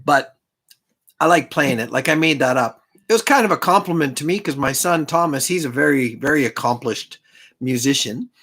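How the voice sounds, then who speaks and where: A man's voice: mid-range voice, animated, moderate pace, a bit bright, breathy edge. A man hosting a live stream, chatting casually and rambling between jokes with self-deprecating asides.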